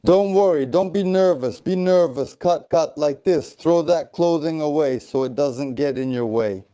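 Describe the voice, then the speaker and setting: A man's voice: on the high side, a little slow, dark tone, clean tone, dry recording, highs cut off. A man instructing trainees in tactical first aid, coaching them step by step and repeating short encouragements. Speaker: military tactical medicine instructor.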